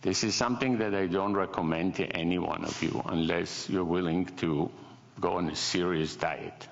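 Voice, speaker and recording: Gravelly older Italian man telling stories. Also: low-pitched, normal speed, slight background noise. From Italy. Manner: wry, self-mocking, lively storyteller. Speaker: designer giving a guest lecture. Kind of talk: anecdotal lecture storytelling. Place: lecture hall. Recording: echoey hall, dull lo-fi sound.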